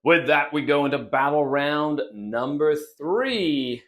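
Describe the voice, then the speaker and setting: Lively, upbeat man narrating a battle report. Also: fairly high pitch, takes it slowly. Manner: animated, laughs often, playful exclamations. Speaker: host and player. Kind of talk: tabletop battle report commentary.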